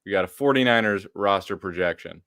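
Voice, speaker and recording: A man's voice: sits low, brisk, fairly bright tone, clear, resonant tone, dry recording, studio quality. A man co-hosting a casual sports podcast over a video call, laid-back and joking, swearing now and then. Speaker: co-host.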